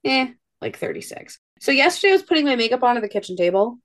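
A woman's voice: a little high, fast talker. A woman in her thirties co-hosting a podcast, chatting casually and acting out her kids' voices as she tells stories. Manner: animated storyteller, acts out her kids' voices. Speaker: podcast co-host. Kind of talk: casual chat.

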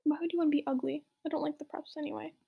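A young woman reading the lines of a moody, lovesick goth teen boy in a soft whisper, as whispered role-play. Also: sits high, steady tone, rapid-fire, vocal fry, rough recording. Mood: pleading.

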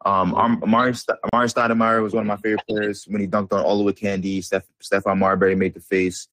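Talking basketball as a podcast co-host, a young man rambles in a loose, slangy, filler-heavy style. He speaks fast with a flat delivery, his voice on the low side and fairly bright, with no echo.

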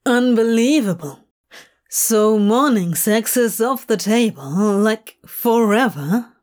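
A woman's voice: on the high side, animated, slow pace, darkish tone. A woman voicing a sly, sardonic young man in a fan fiction audiobook reading, drawling and exasperated as she reads. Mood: exasperated teasing.

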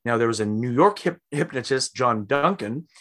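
A man's voice: medium pitch, moderate pace. Casual man telling a story. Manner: animated, acts out quotes with big voices. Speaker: podcast host.

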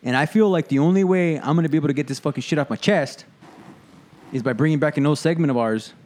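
A man's voice: on the high side, fast, a little mellow. A man co-hosting a casual gaming podcast, talking in heated, profane rants. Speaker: podcast co-host.

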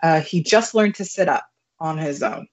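A young woman telling a story as a podcast guest, animated and laughing, with plenty of fillers. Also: sits low, moderate pace. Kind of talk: casual storytelling. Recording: muffled lo-fi recording.

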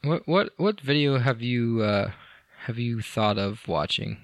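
A man's voice: medium pitch, animated, unhurried, no room sound, studio quality. A young man co-hosting a casual podcast, rambling and joking with lots of fillers, restarts and swearing. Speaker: podcast co-host. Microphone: studio microphone.

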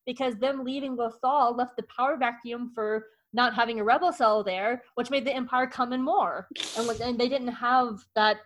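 A woman's voice: a little high, fairly even intonation, moderate pace, hardly any pauses, a bit bright, poor audio. A woman hosting a podcast in casual chat, gushing enthusiastically and rambling with frequent restarts and fillers. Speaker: podcast host.

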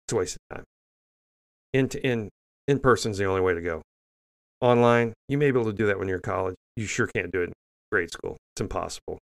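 Blunt, gravelly older man ranting. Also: on the low side, fast, pauses often. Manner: blunt, scornful, with frequent restarts and fillers. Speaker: commentary show host. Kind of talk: opinionated news commentary.

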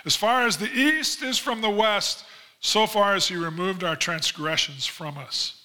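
A man preaching a sermon as pastor, in a conversational style with frequent asides, acting out quoted voices animatedly. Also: unhurried. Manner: animated storytelling, acts out quoted voices with big pitch jumps; conversational, many "you know" asides.

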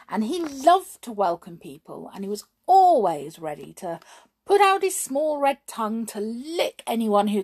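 A woman reading a children's story aloud, animated and chatting to her listeners. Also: medium pitch, slightly rough.

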